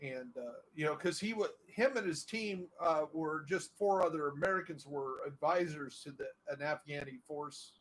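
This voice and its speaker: A middle-aged gaming streamer chats casually while playing, telling a long, rambling story full of fillers and restarts. His voice is fairly high and a bit bright, at a moderate pace with few pauses, on a rough recording.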